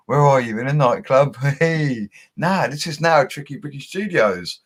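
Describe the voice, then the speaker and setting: A man's voice: medium pitch, lively intonation, a little slow, fairly bright tone. A young man, hosting a casual livestream, reading out viewer comments in a laid-back, slangy way. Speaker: bricklayer livestream host. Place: home setup he calls a studio.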